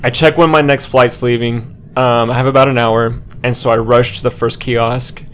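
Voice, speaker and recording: A man's voice: mid-range voice, normal speed, a crowd in the background. A young adult man, a podcast co-host, telling a story casually to friends. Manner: animated anecdote telling with laughs.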